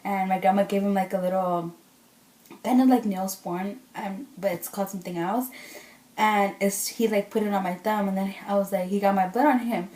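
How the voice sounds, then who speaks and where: A young woman vlogging casually, retelling a story in an animated, chatty way with lots of quoted dialogue. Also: medium pitch, brisk, roomy sound.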